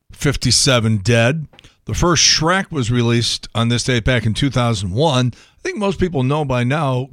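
A man's voice: medium pitch, no room sound, clean studio sound. An older American man hosting a radio podcast, telling stories in a wry, sardonic way. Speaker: radio host. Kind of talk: casual solo podcast monologue.

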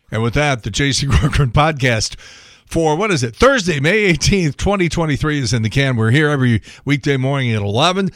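A man's voice: medium pitch, animated, moderate pace, fairly bright tone, dry recording. Casting: older American male radio host, sardonic monologue, dead-dry booth sound. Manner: wry, sardonic storytelling. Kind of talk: casual solo podcast monologue.

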